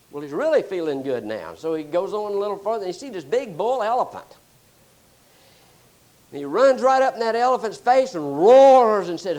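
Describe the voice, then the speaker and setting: Animated male preacher. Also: high-pitched, fairly quick. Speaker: pastor. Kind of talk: sermon.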